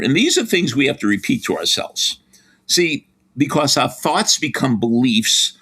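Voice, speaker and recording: An older man, a sports psychology professor, giving advice as a podcast guest in lively storytelling fashion. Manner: lively, animated storytelling with big pitch swings.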